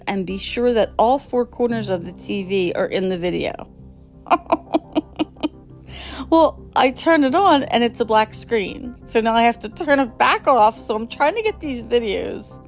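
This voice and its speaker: A middle-aged woman, telling a story in casual podcast style, animated and exasperated as she acts out the dialogue. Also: mid-range voice. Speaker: podcast host.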